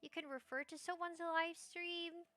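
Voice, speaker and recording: Super high-pitched bubbly girl streamer chatting to chat, slow and dry close mic. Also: no echo. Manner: bubbly, excitable, talks straight to chat. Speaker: VTuber streamer. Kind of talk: casual live-stream chat.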